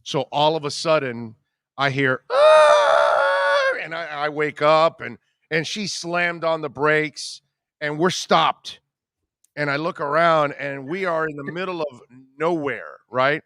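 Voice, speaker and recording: A man hosting a talk radio show, telling a rambling, animated personal story in casual conversation. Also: a little high, measured pace, no room sound.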